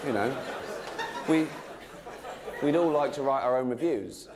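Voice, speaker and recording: An English man doing a stand-up comedy routine, mock-earnest and halting with ums, then breaking into giddy excitement. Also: mid-range voice, crowd noise, noisy background. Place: live comedy stage.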